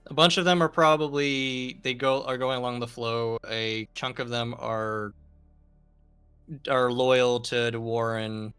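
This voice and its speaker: A man's voice: medium pitch, fairly even intonation, unhurried, fairly bright tone, smooth, faint music behind. A man playing in a tabletop game, talking through plans in casual chat. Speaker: player.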